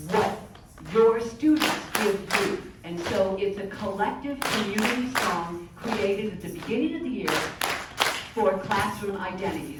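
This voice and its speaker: A woman music educator leading an interactive workshop, calling out prompts and cues to a group in a lively, encouraging way. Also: mid-range voice, very noisy. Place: large conference workshop room. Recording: echoey hall from far off, with drumming. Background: hand drums and group playing.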